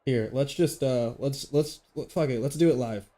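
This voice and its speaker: A man's voice: medium pitch, moderate pace, dark tone. A young man streaming sim racing late at night, chatting casually and laughing, with stumbling restarts. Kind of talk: casual live-stream chat. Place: home gaming setup, late night.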